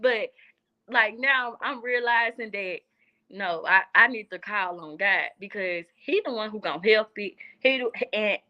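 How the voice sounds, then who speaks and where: A young woman talking with heartfelt earnestness, leaning on repetition to make her point. Her voice has a bright, forceful edge. The sound is dull and lo-fi. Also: medium pitch, unhurried. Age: young adult. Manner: earnest, heartfelt, repeats herself for emphasis. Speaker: guest. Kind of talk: casual chat.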